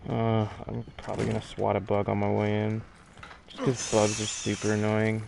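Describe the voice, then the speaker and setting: A man's voice: lowish voice, monotone, normal speed, vocal fry, a little mellow, a little hiss or hum. Chatty speedrunner man commentating. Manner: chatty, self-deprecating, frequent restarts. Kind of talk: casual gameplay commentary.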